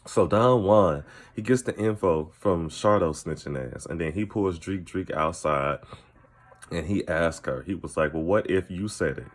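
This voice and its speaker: Male vlogger, slightly low voice, trash-talking TV recap straight to camera. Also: measured pace. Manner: blunt, profane, opinionated. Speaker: TV recap commentator. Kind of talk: casual recap commentary to camera.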